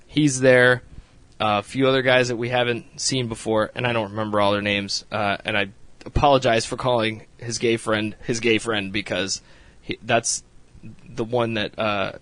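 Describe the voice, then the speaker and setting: A man's voice: mid-range voice, fairly bright tone, dry recording. Laughing, rambling male podcast host. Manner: rambling, laughs often, swears freely. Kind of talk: casual reality-show recap.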